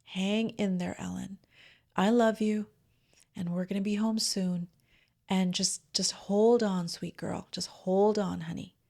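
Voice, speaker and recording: Gentle older grandmother, hushed and half-whispered, with a gravelly edge to the low tones, as a woman puts her on. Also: steady tone, unhurried. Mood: soothing. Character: gentle loving older grandmother soothing a child.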